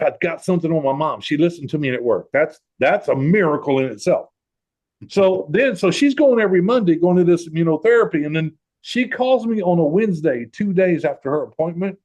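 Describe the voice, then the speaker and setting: A man hosting a group talk, telling a personal story and acting out the quoted voices. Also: on the high side. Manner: animated, acts out quoted voices. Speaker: host.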